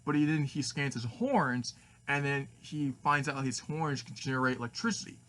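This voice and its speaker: A man talks through a fan story idea in a rambling, stop-start way. His voice is bright and sits at a middle pitch. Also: normal speed. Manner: rambling, full of restarts and fillers. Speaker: fan video maker.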